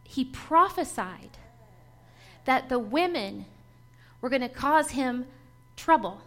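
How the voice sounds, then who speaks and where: High-voiced woman preaching slowly. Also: expressive, fairly bright tone. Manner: emphatic, rhythmic preaching with lists and repetition. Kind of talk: sermon.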